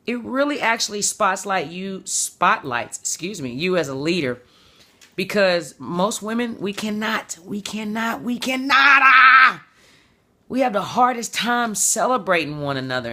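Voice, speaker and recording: A woman's voice: low-pitched, a bit bright. A woman entrepreneur talking to camera in a passionate, motivational monologue, repeating words for emphasis. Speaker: vlogger and entrepreneur.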